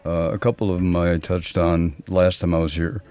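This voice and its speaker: An older man in his seventies talks as a podcast guest in an easy, rambling way. His voice sits very low and sounds mellow and warm. He tells long stories with a dry, self-mocking humor. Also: fairly even intonation, moderate pace. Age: 70s. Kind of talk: casual conversation.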